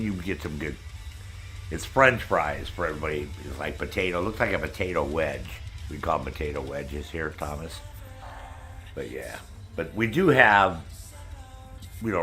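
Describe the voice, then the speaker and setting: Man, middle-aged, lowish voice, profane rambling chat host, faint music behind. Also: expressive, moderate pace, pushed and bright. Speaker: streamer host. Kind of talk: casual chat with viewers. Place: Maine, United States.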